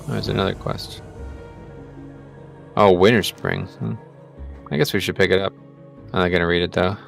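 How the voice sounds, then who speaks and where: A man's voice: low-pitched, fairly even intonation, moderate pace, gravelly, pauses often, faint music behind. A man streaming a game, chatting casually, reading quest text aloud in a plain voice and swearing now and then. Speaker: streamer playing an online game. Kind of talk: casual gameplay chat.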